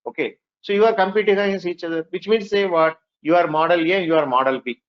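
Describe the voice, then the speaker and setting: A man with an Indian English accent giving a lively classroom lecture, often asking the students "right?" and whether they agree. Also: sits high, quick pace, muffled recording. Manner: lively, mixes in Hindi phrases. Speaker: workshop instructor.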